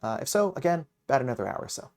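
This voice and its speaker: Upbeat male streamer, mid pitch, chatty and quick, laughs easily. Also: sing-song, vocal fry, darkish tone, dry recording. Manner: upbeat, laughing, talks fast to chat. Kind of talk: casual live-stream chat.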